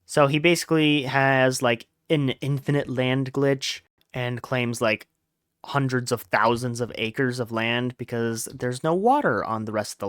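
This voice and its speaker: A man's voice: mid-range voice, clean tone, no room sound, clean studio sound. A man hosting a let's-play podcast, chatting casually about a book with lots of fillers and playful gamer slang. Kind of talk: casual book discussion over gameplay.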